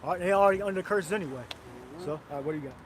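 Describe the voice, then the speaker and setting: A man's voice: sits high, racing, slight background noise. A man leading an outdoor street preaching camp, blunt and coarse, calling on others to read scripture. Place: outdoors on a city street with traffic.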